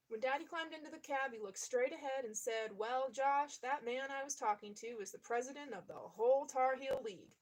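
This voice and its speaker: A woman with a somewhat high voice reads a memoir aloud at an even, steady pace. She now and then breaks off to react to the text in a casual, chatty way before going back to reading. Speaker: reader.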